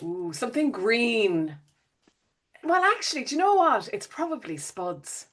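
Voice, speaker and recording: A woman's voice: a little high, very animated, measured pace, fairly bright tone. Woman hosting a podcast. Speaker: podcast host. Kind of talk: podcast interview.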